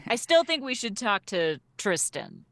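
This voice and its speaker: Slow-talking woman player. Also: medium pitch, big pitch swings, over a noisy crowd. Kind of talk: tabletop game chat.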